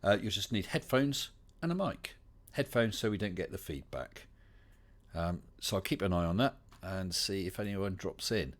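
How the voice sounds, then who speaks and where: A man's voice: sits low, expressive, moderate pace. A man with an English West Country accent hosting a casual livestream chat, chatty and welcoming, with many fillers. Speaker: livestream host.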